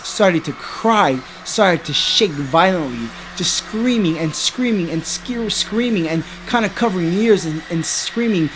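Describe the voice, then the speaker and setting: A man's voice: high voice, expressive, unhurried, few pauses, background noise. A man in his thirties casually retelling a creepypasta in a rambling, conversational way, full of asides. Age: 30s. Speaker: horror story YouTuber.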